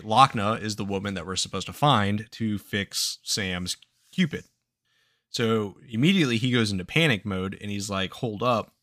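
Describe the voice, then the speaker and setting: Bright-voiced man recapping casually. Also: fairly low pitch, no echo, studio quality. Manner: profane, laughing, animated retelling with quoted voices. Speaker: podcast host recapping a game. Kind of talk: casual podcast chat.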